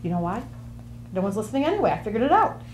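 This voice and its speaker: A lady playing a bubbly gemini gal, fast and bouncy, hops topic to topic, bores quick. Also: medium pitch, big pitch swings, a little mellow, slight background noise, close to an everyday voice. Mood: chatty. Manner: bubbly, quirky, jumps between topics. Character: chatty flighty Gemini woman, easily bored. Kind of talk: comic character monologue.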